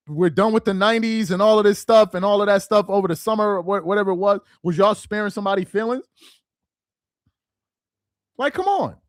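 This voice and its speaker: A man's voice: high-pitched, dry recording. Fired-up man ranting in a dry room. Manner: heated, mocking, repetitive rhetorical questions. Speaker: sports commentary host. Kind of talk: casual ranting commentary.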